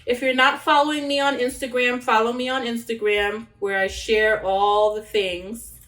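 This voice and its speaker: With a fairly high, bright voice that barely moves in pitch, a young cooking vlogger speaks at a moderate pace. She chats casually and ramblingly in her home kitchen, with fillers and restarts, picked up from a distance in a roomy space.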